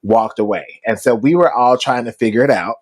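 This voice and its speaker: A man co-hosting a podcast and recounting a story in a relaxed, chatty way. His voice sits at a middle pitch, with a laugh never far off. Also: a little fast. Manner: chatty, laughs while telling stories. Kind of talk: casual storytelling.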